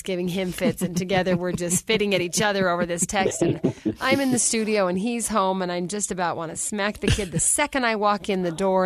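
A woman's voice: fairly low pitch, no room sound. A woman in her forties hosting a podcast in a studio, telling stories candidly and expressively. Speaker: podcast host. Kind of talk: podcast conversation. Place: recording studio.

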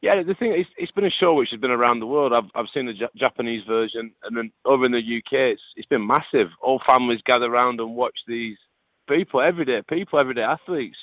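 Calling in by phone, this English guest on a radio show sounds tinny, with no room sound around his fast, mid-range voice. He's a man in his thirties, late thirties in fact, with a Lancashire accent, joking around casually and tending to say words twice.

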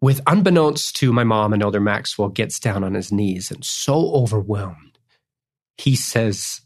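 A man's voice: lowish voice, lively intonation, measured pace. Earnest, weepy man telling stories. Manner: tearful, tangent-prone, earnest. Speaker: cellist guest on a faith podcast. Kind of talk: emotional interview storytelling.

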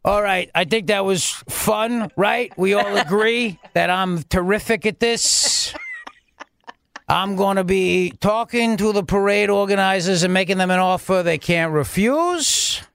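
A man doing a mocking impression of a pompous, boastful male governor in a slow, self-satisfied drawl. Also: high-pitched, creaky, a bit bright, heavily acted. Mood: smug.

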